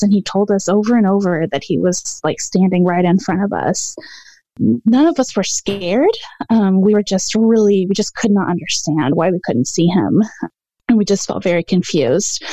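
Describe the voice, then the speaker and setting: A woman tells a childhood ghost story in a hesitant, meandering way, stopping often for ums and restarts. Her voice is mellow and soft-edged. The sound is dry, with no room around it. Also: mid-range voice, no echo. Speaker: caller sharing a ghost story. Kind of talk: casual storytelling.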